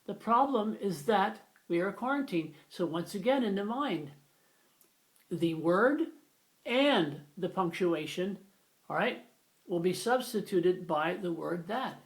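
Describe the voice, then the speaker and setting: A man giving a grammar video lesson, patient and emphatic, repeating his key phrases. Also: high voice. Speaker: grammar teacher.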